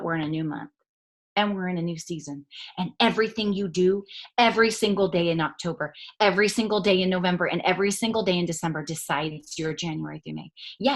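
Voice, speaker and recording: Passionate woman giving a pep talk. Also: on the low side. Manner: emphatic, preachy, swings from loud to hushed. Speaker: network marketing leader speaking on a call. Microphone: video call.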